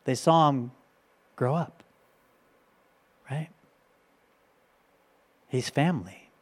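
A man's voice: medium pitch, very slow. A male pastor giving a conversational sermon, often checking in with his listeners by asking "right?".

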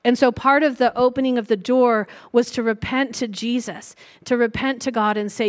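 A middle-aged woman gives an earnest, reflective sermon in a slightly high voice. She slows down to stress key lines and speaks with heartfelt conviction. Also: fairly even intonation. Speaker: preacher. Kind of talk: sermon with personal testimony.

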